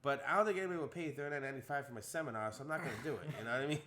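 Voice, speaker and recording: Bright-voiced man telling a bar story. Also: medium pitch, very fast. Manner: animated, acts out quotes in a rising voice. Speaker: podcast co-host telling a story. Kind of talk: casual storytelling chat.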